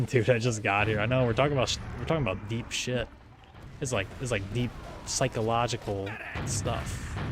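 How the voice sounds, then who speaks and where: A young man in a casual solo livestream, talking in a flat, monotone way, rambling, swearing and restarting his sentences. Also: lowish voice. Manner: rambling, swears often, repeats words and restarts a lot. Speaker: streamer. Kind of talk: casual solo livestream chatter while gaming.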